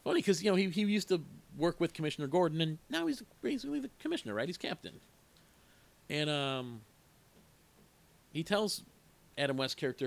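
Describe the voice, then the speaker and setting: A man's voice: a little high, big pitch swings, fairly quick, creaky, long pauses. A man casually retelling the plot of an eighties horror movie, rambling with asides and acting out the characters' lines. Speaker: movie reviewer.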